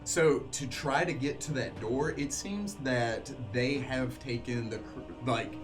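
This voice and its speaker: A man narrating as game master of a tabletop game, with a relaxed delivery full of fillers. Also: mid-range voice, unhurried, far from the mic. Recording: music bed, voice from off mic.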